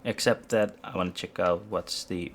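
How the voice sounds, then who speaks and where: A man's voice: sits low, steady tone, normal speed, a little hiss or hum. A man streaming a video game live, chatting with viewers in a hesitant, rambling, self-mocking way. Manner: rambling, hesitant, many restarts. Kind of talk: live gameplay commentary with chat.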